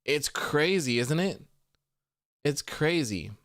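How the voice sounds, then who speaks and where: A man's voice: fairly high pitch, expressive, takes it slowly, fairly bright tone, no room sound, clean studio sound. Casual man reading chat on a stream. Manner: reads viewer comments aloud and reacts offhandedly, swears freely. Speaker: wrestling stream host.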